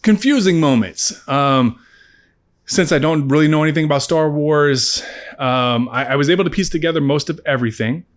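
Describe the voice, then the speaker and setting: A man giving a casual spoken movie review, rambling and swearing freely with animated asides. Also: fairly high pitch, moderate pace.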